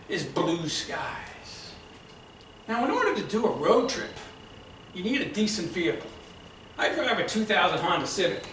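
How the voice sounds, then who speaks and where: A man with a Boston accent tells a story at a club meeting, lively and acting out the lines of people in it. His voice sits high and sounds bright and forceful. He is picked up from across an echoey room. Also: distant mic, a little hiss or hum. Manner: lively storyteller, acts out shouted quotes. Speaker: club speaker. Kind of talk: prepared storytelling speech.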